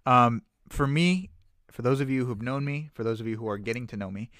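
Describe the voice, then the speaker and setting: A man's voice: medium pitch, brisk, dry recording, studio quality. A man co-hosting a movie podcast, chatting casually and emphatically, repeating his points. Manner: animated, emphatic, repeats phrases. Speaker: podcast co-host.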